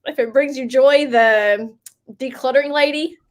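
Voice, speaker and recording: A high-voiced woman chatting on a casual livestream. She rambles from one story to the next, giggling often and talking with loose, easy energy. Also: normal speed. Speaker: livestream co-host. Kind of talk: casual live chat.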